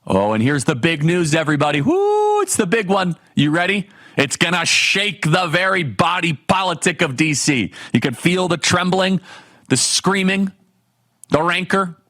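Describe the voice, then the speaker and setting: A man hosting a political talk show, giving an emphatic, animated monologue full of rhetorical questions. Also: fairly high pitch, normal speed, no echo. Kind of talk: fiery political commentary monologue.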